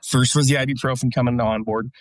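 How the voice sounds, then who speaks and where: A man's voice: medium pitch, fairly even intonation, quick pace, dry recording. A man, a military veteran, casually telling blunt, profane war stories as a podcast guest, with many fillers. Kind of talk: casual storytelling.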